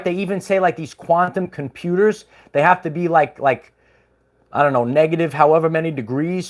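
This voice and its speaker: A man hosting a livestream, chatting casually in a rambling way with chuckles and many fillers. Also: a little high. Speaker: livestream host.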